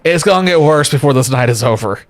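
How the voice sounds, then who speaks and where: This man's slightly high voice is animated and fast, with no echo. Exhausted from lack of sleep, he streams from home on a webcam, joking and rambling in loose conversation with viewers.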